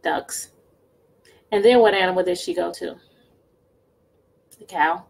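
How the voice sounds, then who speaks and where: A woman teacher reading a picture book aloud to children, pausing to ask them questions. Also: on the low side, creaky, low-quality recording. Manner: slow, expressive, asks children questions. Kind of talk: storybook read-aloud lesson.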